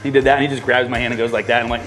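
A man's voice: medium pitch, level tone, racing, a bit bright. A man hosting a casual chat while playing golf outdoors, joking around and giving golf advice. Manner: easygoing, jokey, gives golf advice. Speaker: host, golf interviewer. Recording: faint music under the talk.

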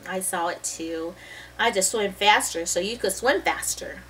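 Woman reading as a careful worried little boy from a storybook, kinda quiet, mic far away. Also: medium pitch, measured pace, slight background noise. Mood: cautious. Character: cautious young boy, thoughtful and worried.

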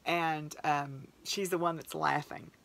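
A woman's voice: fairly low pitch, normal speed, sharp tone. A middle-aged woman, hosting a podcast and telling farm stories in a chatty, rambling, heartfelt way. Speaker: podcast host. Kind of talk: casual storytelling monologue.

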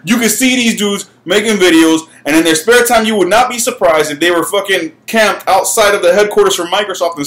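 A gaming YouTuber rants to camera in a heated, profane vlog, repeating his words whenever he gets worked up. His voice is a little high with a fairly bright tone.

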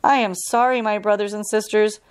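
A woman reading the part of a proud male diving bird in a storybook. He talks a little quickly and boastfully, boasting of his diving, in an ordinary middle voice with only a slight character touch. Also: mid-range voice, fairly even intonation, smooth, close to an everyday voice. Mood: apologetic. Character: brave male hell diver bird, proud.

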